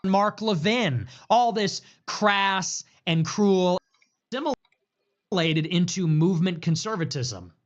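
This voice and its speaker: A man in a rambling, profane political rant, sarcastic and trailing off into low asides, from a replayed video. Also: takes it slowly, lo-fi sound. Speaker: political commentator. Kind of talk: rambling ranting commentary.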